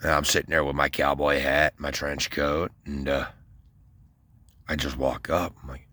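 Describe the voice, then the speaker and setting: A man with an extremely deep, forceful voice, telling a long story in a casual, rambling monologue. He swears often and fills gaps with fillers. The sound is dry and close. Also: level tone, normal speed, no room sound. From Westland, Michigan, US. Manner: rambling, profane, many fillers. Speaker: storyteller recounting military service.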